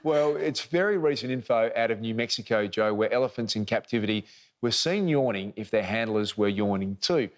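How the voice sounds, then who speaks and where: A man's voice: fairly low pitch, a little fast. A man co-hosting a TV lifestyle show in easygoing, conversational banter. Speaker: TV co-host. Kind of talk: light TV studio banter.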